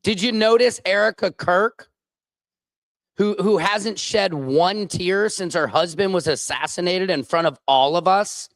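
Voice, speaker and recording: A man's voice: high-pitched, unhurried, fairly bright tone, no room sound. A male comedian hosting his own show, delivering an angry, profane political rant with heavy emphasis.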